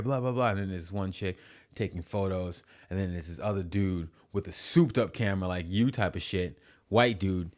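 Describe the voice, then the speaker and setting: Guy with a lowish voice rambling thru a wild story, swearing a lot, restarting sentences, podcast guest. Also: fairly quick. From New York City. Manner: animated, profane, restarts often.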